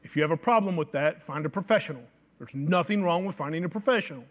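A man preaching a sermon, reading scripture aloud and slowing down to stress key phrases. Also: fairly high pitch, a bit bright.

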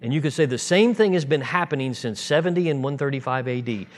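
A man preaching a sermon, animated and acting out the voices of the people in his story. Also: medium pitch, fast. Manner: animated, acts out voices in quotes.

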